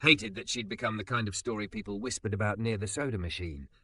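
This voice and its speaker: A man narrating a scripted romance story in a dramatic, measured way. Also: on the low side, very animated, creaky, pushed and bright.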